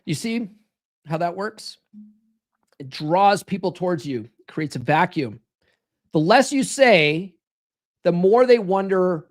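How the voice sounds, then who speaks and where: Blunt, profane man with an animated voice. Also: sits high, takes it slowly, long pauses. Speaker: live stream host giving dating advice. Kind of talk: casual live stream talk.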